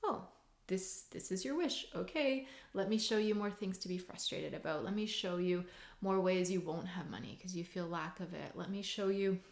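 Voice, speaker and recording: A woman voicing the subconscious mind as an eager, literal-minded genie in a higher, obliging tone. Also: normal speed, gravelly. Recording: roomy echo.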